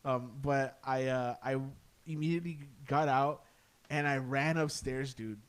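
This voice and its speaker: Podcast guest, young man, mid-pitched, rambling ghost story full of swearing and filler words. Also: measured pace, smooth. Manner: profane, peppered with "dude" and "like". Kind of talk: casual ghost-story telling.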